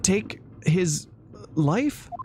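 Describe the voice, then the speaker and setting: A man's voice: high-pitched, sing-song, drawn-out words, music in the background, voice pushed up, heavily acted. A man voicing a flustered young male student in a game, startled and stammering.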